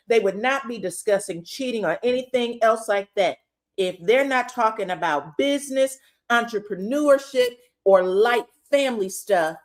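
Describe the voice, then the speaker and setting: A woman with a slightly high-pitched voice recaps reality TV gossip in a casual, chatty way. She acts out the people she quotes and swears freely as she talks. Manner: animated, acts out quotes, profane and laughing. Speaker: reality show commentator.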